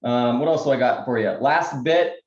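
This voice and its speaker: A man, a real estate agent on a panel, giving casual sales tips and acting out phone calls in quick voices. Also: mid-range voice, reverberant, highs cut off.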